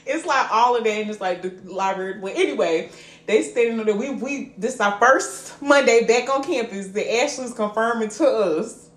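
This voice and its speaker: A young woman podcast co-host, telling an animated, profane story in casual chat and laughing often. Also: on the high side, moderate pace. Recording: echoey room with faint ambient noise.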